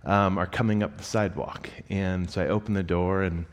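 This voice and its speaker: A young man on a church staff giving a sermon, moving from a slow scripture reading into a rambling, self-mocking personal story. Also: sits low, fairly even intonation. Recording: long reverb of a large hall.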